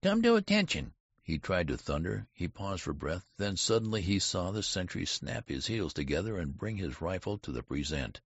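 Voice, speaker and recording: A man reading an audiobook with expressive, scripted narration. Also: low voice, moderate pace, few pauses, husky, dry recording. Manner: expressive storytelling. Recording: dry, slightly dull recording.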